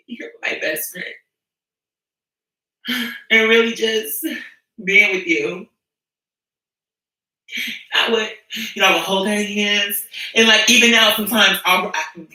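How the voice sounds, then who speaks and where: A man's voice: high voice, sharp tone. A man giving an emotional personal testimony, earnest and spiritual, often stumbling and repeating himself as he speaks. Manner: earnest, repetitive, spiritual, halting restarts. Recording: echoey room, distant mic.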